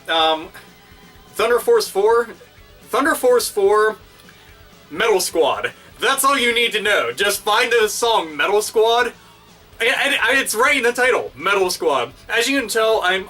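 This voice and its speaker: Man, high-pitched, bright, excitable profane rant, slightly distant mic, faint music behind. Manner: excitable, swears constantly, raunchy hyperbole. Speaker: video host.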